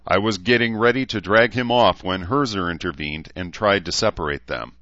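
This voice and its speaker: Wordy, placating cavalry officer, read by a man; low register, slightly lo-fi. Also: moderate pace, bright, forceful tone, no echo. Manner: wordy, conciliatory. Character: smooth male cavalry officer, placating and diplomatic.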